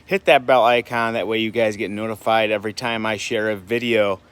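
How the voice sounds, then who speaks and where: A man's voice: lowish voice, fairly even intonation, a little fast, fairly bright tone, smooth, dry recording. A man from Michigan talking casually to camera in a vlog, rambling with fillers and restarts and asking rhetorical questions. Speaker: vlogger. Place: home in Puerto Rico.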